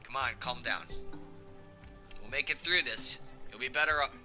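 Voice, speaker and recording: Male player voicing a gruff, reassuring young game hero, low and steady. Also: normal speed, music in the background, lightly acted. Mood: comforting.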